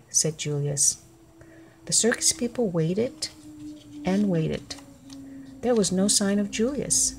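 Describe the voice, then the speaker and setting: A woman reads a children's story aloud in a calm, measured way. Her voice sits a little low and she takes her time over each line. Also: a little hiss or hum. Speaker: storybook reader. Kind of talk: reading a children's book aloud.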